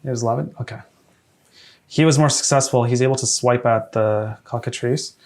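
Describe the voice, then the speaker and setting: A man's voice: medium pitch, a little mellow. Laid-back man running a tabletop game. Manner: hesitant, many fillers, quick to laugh. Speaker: game master.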